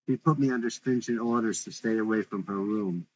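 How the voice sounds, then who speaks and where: A man's voice: fairly low pitch, a little fast, darkish tone, lo-fi sound, natural voice. A man reading the part of a concerned woman on the phone, polite and worried.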